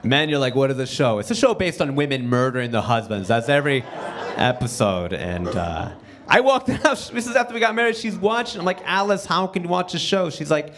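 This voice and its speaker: A man's voice: a little high, big pitch swings, a little fast, fairly bright tone. A man performing a stand-up comedy set on a theater stage, talking in a conversational way and acting out quotes before the punchlines.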